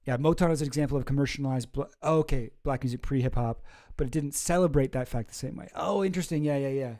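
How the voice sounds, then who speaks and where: Mellow-voiced man chatting on stream. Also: mid-range voice, fast. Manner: rambling and chuckling, reacting to chat. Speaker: streamer host. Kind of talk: casual livestream chat.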